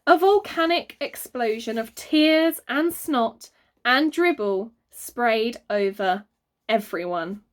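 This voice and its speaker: Expressive woman reading aloud. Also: on the high side, slow. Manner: expressive, with sound effects. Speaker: reader. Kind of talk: storybook read-aloud for children.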